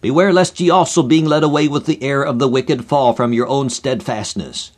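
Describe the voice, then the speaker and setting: Solemn mysterious stranger voiced by a male radio preacher, grave, measured, archaic scripture cadence, mid-pitched. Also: a little mellow, close to an everyday voice.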